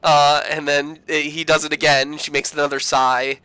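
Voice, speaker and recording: A man in his thirties chats through an episode recap, slipping into playful voices for the characters. His voice is bright and smooth. It sounds close and dry, with no room echo. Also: a little high, moderate pace. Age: 30s. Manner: animated, acts out characters in quoted voices, swears. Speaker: podcast co-host. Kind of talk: casual recap chat.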